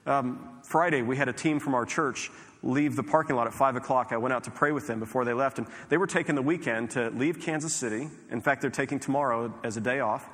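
A man preaches in a large church sanctuary, earnest and conversational, stumbling and restarting phrases as he goes. His voice sits at a middle pitch, and a long hall reverb trails each line. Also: fairly quick, fairly bright tone. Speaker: pastor. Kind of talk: sermon.

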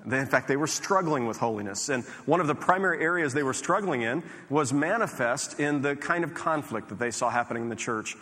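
A man preaches in a large church sanctuary, earnest and conversational, stumbling and restarting phrases as he goes. His voice sits at a middle pitch, and a long hall reverb trails each line. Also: expressive, a little fast, hardly any pauses, bright, forceful tone. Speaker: pastor. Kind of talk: sermon.

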